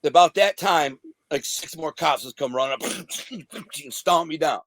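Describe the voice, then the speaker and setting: Brief: streetwise man, slightly high voice, dry close sound, profane storyteller. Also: unhurried, a bit bright, no echo. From Detroit area, USA. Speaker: interview guest. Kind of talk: storytelling about his past.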